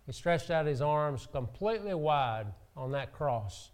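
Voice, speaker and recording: A man delivers a sermon in a slightly higher-than-usual voice. He speaks earnestly, swelling and dropping for emphasis, and acts out the lines he quotes. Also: animated, unhurried, few pauses. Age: adult with children. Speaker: preacher.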